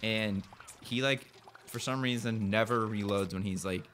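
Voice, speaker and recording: A man's voice: lowish voice, normal speed, fairly bright tone, slight background noise. A young man casually rambling through let's play commentary, goofing around and talking back to the game. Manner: goofy, rambling, talks to the game. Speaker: gaming channel host. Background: game music.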